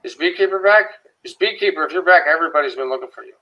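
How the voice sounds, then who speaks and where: A man's voice: fairly high pitch, racing, lo-fi sound. A man co-hosting a casual livestream, loose and profane, greeting viewers by name. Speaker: livestream co-host.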